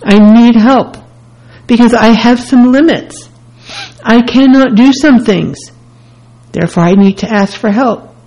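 A woman's voice: fairly high pitch, a little slow, a little mellow, low-quality recording. A woman hosting a self-help radio talk, speaking earnestly and candidly in short repeated phrases. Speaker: radio host.

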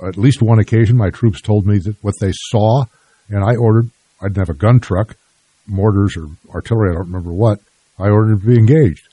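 An older man hosting a radio interview, measured and plain-spoken. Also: fairly low pitch, dark tone, breathy edge, no echo. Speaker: radio host.

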